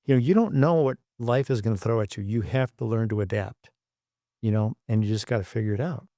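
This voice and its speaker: His voice sits on the low side and moves briskly: a middle-aged former engineer from Michigan sharing stories as a podcast guest. He brings quoted people to life with acted voices, and the studio-quality recording is dry.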